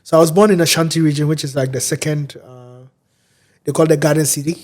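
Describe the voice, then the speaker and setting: A man speaks as an interview guest, his voice sitting a bit high for a man. He takes his time, filling pauses with "uh" and "um" as he explains. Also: steady tone, a little mellow. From Ghana. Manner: unhurried, pauses often with fillers. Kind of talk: casual interview chat.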